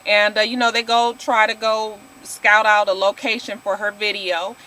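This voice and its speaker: A woman's voice: mid-range voice, level tone, moderate pace, bright, forceful tone. A woman recapping a reality show in casual, blunt talk, swearing freely and calling her viewers y'all. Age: 40s.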